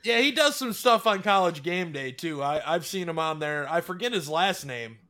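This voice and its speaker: A man's voice: on the high side, normal speed, a little hiss or hum. A man in casual sports chat, arguing his points emphatically, with swearing and frequent restarts. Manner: animated, emphatic, profane, lots of restarts.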